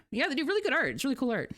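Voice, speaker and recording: A woman's voice: high-pitched, huge pitch swings, racing, a bit bright. A woman from Canada with a Canadian accent, chatting casually on a live stream, rambling and laughing often as she reads her chat.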